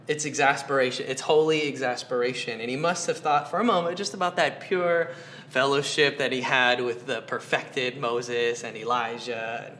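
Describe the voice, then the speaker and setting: A man's voice: mid-range voice, sharp tone, a little hiss or hum. A man preaching a sermon, earnest, asking his listeners question after question and repeating phrases for emphasis. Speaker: pastor.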